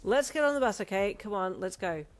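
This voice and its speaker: A woman's voice: mid-range voice, expressive, fairly quick, natural voice. Woman doing a tired young woman herding kids, bouncy voice. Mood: coaxing. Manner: calling out, coaxing. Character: young woman minding children, harried.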